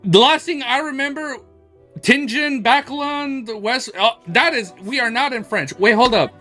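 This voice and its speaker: A man hosting a casual livestream, chatting in an excitable, rambling way and swearing freely. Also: very high-pitched, a little slow. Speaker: livestream host. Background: faint background music.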